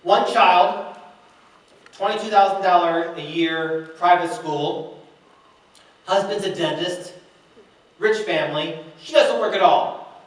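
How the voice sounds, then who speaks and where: A man giving a seminar, an animated storyteller who jokes with his audience. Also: high-pitched, slow, long pauses. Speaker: seminar speaker. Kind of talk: live seminar talk. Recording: echoey hall, mic far off.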